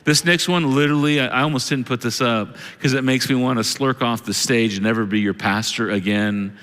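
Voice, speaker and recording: A man's voice: mid-range voice, animated, a little fast, few pauses, bright, forceful tone. A male pastor preaching a sermon in a large church, acting out quoted excuses in exaggerated voices. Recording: long hall reverb.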